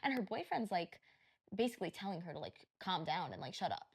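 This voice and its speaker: Woman retelling a story, animated and profane. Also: on the low side, brisk, breathy edge. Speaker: podcast co-host. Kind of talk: casual chat, storytelling.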